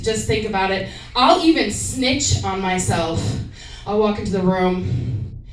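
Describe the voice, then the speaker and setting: A woman's voice: mid-range voice, slow pace. A woman doing an open mic stand-up set, profane, rambling and self-mocking, in a small comedy club. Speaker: stand-up comic. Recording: echoey club mic from a distance.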